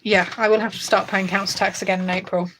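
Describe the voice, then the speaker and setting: A woman's voice: medium pitch, little pitch movement, quick pace, very noisy. A young woman hosting a budgeting channel, chatting casually to camera in a rambling way with many fillers and restarts.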